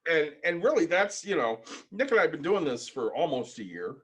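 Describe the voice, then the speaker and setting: Measured man explaining money matters. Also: fairly high pitch, big pitch swings, a bit bright, husky. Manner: measured, explains things and asks pointed questions. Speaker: podcast co-host. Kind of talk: casual chat.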